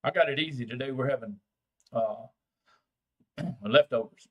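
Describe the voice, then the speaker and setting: A man's voice: mid-range voice, normal speed, lo-fi sound. An older man with a Texan accent, hosting a casual, folksy chat with viewers in a drawling, salty way. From Texas. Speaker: livestream host.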